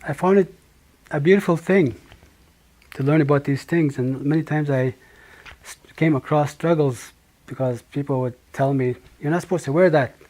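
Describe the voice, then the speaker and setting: A middle-aged man from Manitoba giving a personal testimony, speaking slowly and haltingly with many pauses and restarts. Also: fairly high pitch, a little mellow. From Manitoba, Canada. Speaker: speaker sharing his life story.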